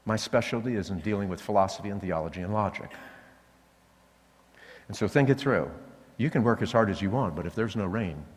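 A man with a lowish, slightly rough voice preaches a sermon at a fairly quick pace, broken by long pauses. He tells stories animatedly and acts out the voices he heard, with long hall reverb on the recording.

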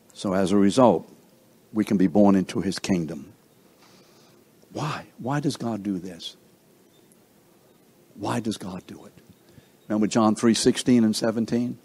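A man preaching a sermon, asking the congregation questions and swinging between emphatic and hushed delivery. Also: on the low side. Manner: call-and-response questions to the congregation.

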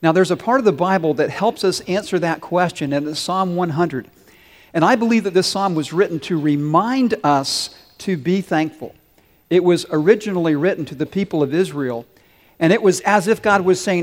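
A man with a high, light voice preaches to his congregation with earnest warmth of purpose. His words ring out in a large sanctuary with a long, lingering reverb. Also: moderate pace. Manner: earnest, leads the congregation in call-and-response. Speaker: pastor. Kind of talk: sermon.

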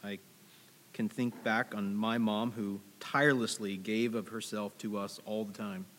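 A man's voice: fairly low pitch, steady tone, unhurried, fairly bright tone, long reverb tail, slight background noise. A man in his thirties preaching a sermon as pastor, telling stories in a conversational way and speaking directly to the congregation. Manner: conversational, storytelling with asides to the congregation. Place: church sanctuary.

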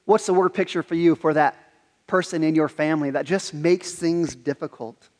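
A man, a pastor giving a sermon in a church, telling stories in an animated way and often repeating his words. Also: a little high, moderate pace, big-room sound.

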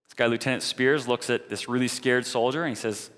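A man's voice: mid-range voice, steady tone, fairly quick, a bit bright, in a large hall. A man preaching a sermon in an earnest, direct way, now and then mocking the views he argues against.

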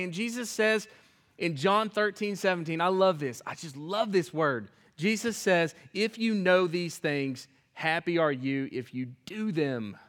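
A man preaching a sermon in a church, reading scripture aloud and acting out its lines, swinging from loud emphasis to hushed whispers. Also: sits high. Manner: reads scripture aloud and acts out the characters' lines. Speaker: pastor.

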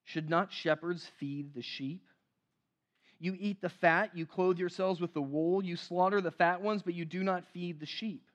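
A man with a high voice preaches a sermon to his church. He is earnest and slows down to press key phrases. His voice swells with emphasis and then falls to a hush. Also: fairly even intonation, lo-fi sound. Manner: earnest, rises to emphatic then drops to hushed. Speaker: pastor.

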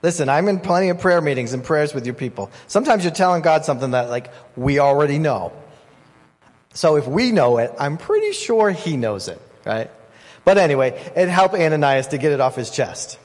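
A man preaching a sermon as pastor, conversational and animated, acting out voices in the story. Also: a little high, brisk. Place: church hall. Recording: long hall reverb.

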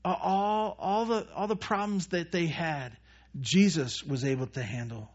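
A man preaching a conversational sermon as pastor, with many restarts and quick acted-out asides. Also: on the high side. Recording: dull lo-fi church recording.

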